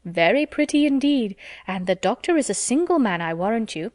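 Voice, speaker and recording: A jolly, nosy old matron, put on by a woman reading aloud, with hearty, teasing exclamations. She sits a touch higher than the reader's own voice. The sound is close and dry. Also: expressive, fairly quick, darkish tone, no room sound, natural voice.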